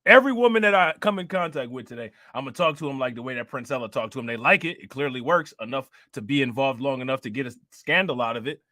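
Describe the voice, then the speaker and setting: A man's voice: mid-range voice, animated, fast talker, few pauses, pushed and bright, dry recording, clean studio sound. A man hosting a livestream, reacting casually with jokes and frequent laughter. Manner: laughs a lot, joking, rowdy.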